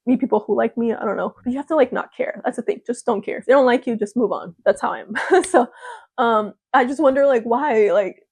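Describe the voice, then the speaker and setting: A woman's voice: on the high side, fairly quick, a little mellow, breathy edge, no echo. A young woman vlogging in a casual chat to camera, talking freely and laughing often. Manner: chatty, laughs often, mimics gushing voices.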